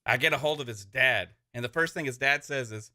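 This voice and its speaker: A man's voice: medium pitch, fairly quick. A man telling a long story in a casual podcast chat, full of fillers and asides. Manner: animated storyteller, many fillers. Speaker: podcast co-host.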